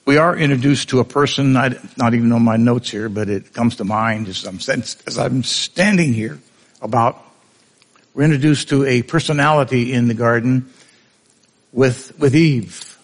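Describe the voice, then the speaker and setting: A man's voice: mid-range voice, normal speed. A male preacher giving a conversational sermon, often asking the congregation questions.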